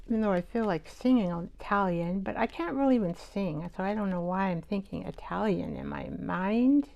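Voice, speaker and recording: A woman hosting a live art show, chatting and thinking aloud as she works, with soft half-whispered asides. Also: mid-range voice, creaky, dull audio. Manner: chatty, rambling, talks to herself while working.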